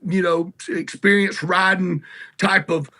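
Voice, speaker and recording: Bright-voiced Southern man telling stories. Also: high voice, little pitch movement, measured pace. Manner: rambling, salty anecdotes. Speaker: guest musician. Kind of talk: casual interview storytelling. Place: garage.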